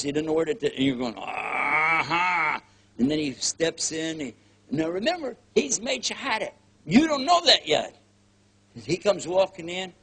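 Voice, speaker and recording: This older preacher from Texas has a husky, slightly high voice and delivers a relaxed, joking lecture. He's folksy and plays out small scenes in the voices of other people.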